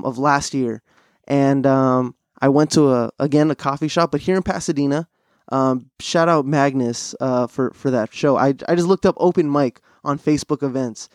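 A man's voice: mid-range voice, no echo, studio quality. A young man hosting a podcast, telling stories in casual chat with lots of fillers and restarts. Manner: animated storytelling, full of fillers and restarts. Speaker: podcast host.

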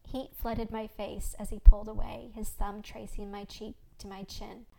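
A woman podcast host reading her own fiction aloud in a gentle, expressive storytelling manner. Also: medium pitch, normal speed, gravelly, slight background noise, low-quality recording.

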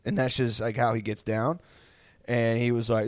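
A man's voice: mid-range voice, fairly quick, dry recording. A man hosting a podcast in casual chat, rambling storytelling with lots of swearing and restarts. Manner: rambling, profane, many restarts. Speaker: podcast host.

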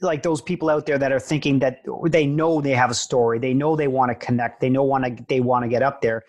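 A man's voice: medium pitch, fairly even intonation, quick pace, a little mellow. A man hosting a podcast, asking long, rambling questions in an enthusiastic, encouraging way. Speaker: podcast host. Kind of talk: casual interview chat.

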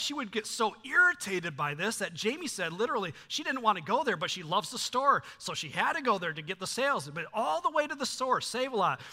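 A middle-aged man preaching from the pulpit, his voice sitting fairly high and sounding very bright and forceful. He tells stories in a lively way, stumbling through fillers and restarts as he goes. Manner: animated storytelling with frequent fillers and restarts. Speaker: pastor. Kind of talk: sermon.

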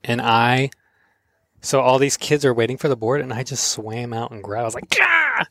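A man's voice: medium pitch, moderate pace, vocal fry, no echo, studio quality. A man from Florida, a pro surfer hosting a podcast, telling stories casually with lots of laughing and acted-out voices. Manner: laughing, animated, acts out voices in his stories. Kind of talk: casual storytelling chat.

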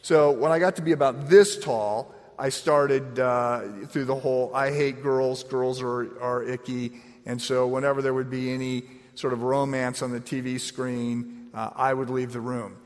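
A middle-aged man preaching a sermon, telling stories with lively, animated swings in his voice. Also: medium pitch, normal speed, hardly any pauses. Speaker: pastor. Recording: long reverb of a large hall.

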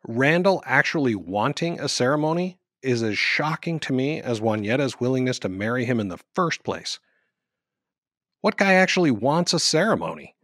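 Man, narrator, sardonic scripted commentary, dry sarcastic manner, lively intonation. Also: mid-range voice, normal speed, dry recording.

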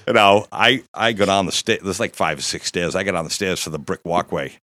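A man's voice: deep voice, brisk, pushed and bright, dry recording, clean studio sound. A man in his fifties telling a rowdy, profane story in casual chat, laughing as he goes. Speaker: guest storyteller.

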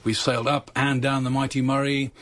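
A middle-aged man from Zimbabwe, a guest in a radio interview, telling his story in a measured, steady way. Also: mid-range voice. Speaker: company chief executive, guest.

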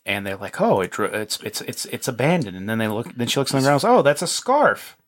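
A man's voice: fairly low pitch, expressive, fast. A man co-hosting a podcast, casually recapping a horror movie in a rambling, laid-back way and swearing freely. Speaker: podcast co-host.

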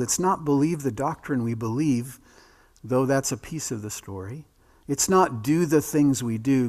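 A man delivering a sermon at an even middle pitch. He preaches dynamically, leaning hard on key lines and then dropping to near-hushed, slowed words for weight. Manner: dynamic preaching with sudden drops to quiet, drawn-out emphasis. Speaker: pastor.

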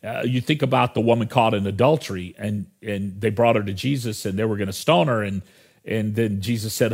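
A man's voice: on the low side, normal speed, breathy edge. A middle-aged man, a pastor, preaching a conversational Christmas sermon that is full of asides and restarts.

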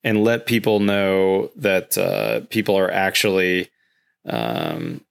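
A man, a guest on a podcast, telling long casual stories about his building business in a rambling, animated way, acting out quotes. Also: low-pitched, takes it slowly, gravelly.

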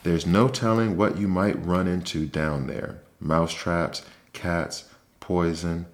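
A man's voice: low-pitched, steady tone, slow pace. A man doing a fretful mother mouse. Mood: pleading. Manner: fretful, pleading. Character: anxious mother mouse, fussing and worried. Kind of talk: ASMR bedtime story reading.

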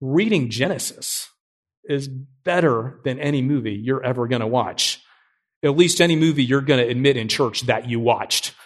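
A middle-aged man preaching a sermon as pastor, energetic and joking, often asking his listeners questions. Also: mid-range voice, normal speed.

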